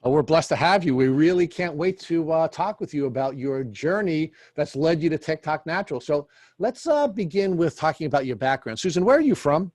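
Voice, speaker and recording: A man's voice: on the high side, lively intonation, a little fast, a little mellow, no echo. A man co-hosting a podcast, asking his guest questions in a courteous, somewhat formal way. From Long Island, New York. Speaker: podcast co-host. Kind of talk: interview questions.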